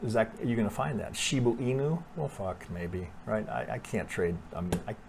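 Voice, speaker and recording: A man's voice: fairly low pitch, expressive, normal speed, creaky, noisy background. A man talking casually through trading charts, thinking aloud with restarts, frequent "right?" and blunt swearing. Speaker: trading analyst. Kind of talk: casual chart analysis over screen share.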